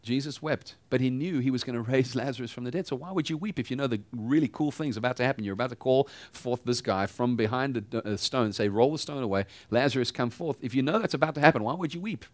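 A pastor giving a sermon in a conversational style, asking the congregation rhetorical questions. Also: male voice, medium pitch, quick pace, few pauses, no room sound.

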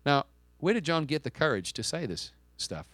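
A man's voice: on the high side, big pitch swings, moderate pace, fairly bright tone, dry recording. Male pastor, conversational sermon delivery, punchy emphasis, dry room. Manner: conversational and emphatic, with rhetorical questions and frequent restarts.

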